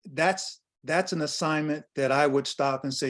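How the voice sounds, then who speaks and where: Older American male coach in his 60s, slightly high voice, direct and emphatic, repeats his points. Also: normal speed, few pauses, a bit bright. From United States. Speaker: business coach presenting a workshop. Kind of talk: workshop talk on pricing.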